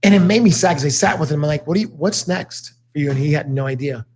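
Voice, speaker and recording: A man who talks fast and with constant energy, slightly high in pitch. He tells stories as a motivational guest on a studio talk show, in a loose, conversational way. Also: darkish tone, a little hiss or hum.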